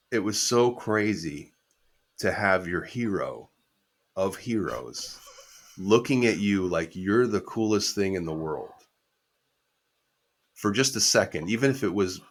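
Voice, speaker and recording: A middle-aged man, a guest musician, telling a casual anecdote with quoted dialogue and the odd swear word. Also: low voice.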